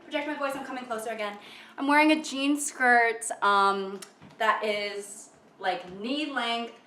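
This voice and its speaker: Her voice sits on the high side and sounds sharp, and she talks slowly. At home, she vlogs casually while doing her makeup, rambling chattily, cracking crude jokes, and using lots of fillers. A camera mic that is sometimes far from her picks her up in an echoey room.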